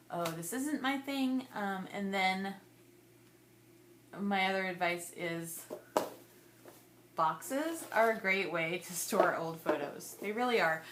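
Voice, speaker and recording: A woman's voice: medium pitch, slight background noise. A woman vlogger, maybe in her thirties, chatting casually to the camera in a rambling way and laughing often. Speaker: scrapbooking vlogger.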